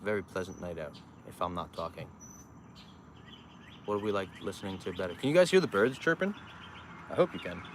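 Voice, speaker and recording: Man, casual streamer, jokey and lively, talking outdoors with passing cars behind. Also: low-pitched, fairly quick, long pauses. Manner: joking, laughing, greets passing traffic. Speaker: farm livestreamer. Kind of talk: casual livestream chat. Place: outdoors by a road with traffic.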